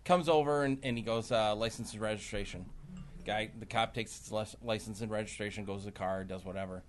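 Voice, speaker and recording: A man co-hosting a casual podcast, telling an anecdote in a laid-back way, full of fillers and trailing off quietly. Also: lowish voice, fairly even intonation, fast, slight background noise. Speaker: podcast co-host. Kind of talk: casual chat.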